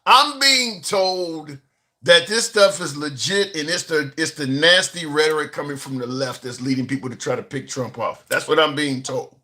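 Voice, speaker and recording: A man hosting a casual political chat, reading out viewer comments in a wry, measured way. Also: fairly high pitch, pushed and bright.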